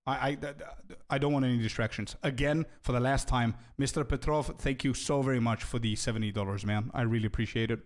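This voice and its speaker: A man's voice: mid-range voice, steady tone, fast, hardly any pauses. A young man streaming, chatting casually with his viewers and thanking donors. He laughs often, stumbles into restarts, and keeps calling people bro and dude.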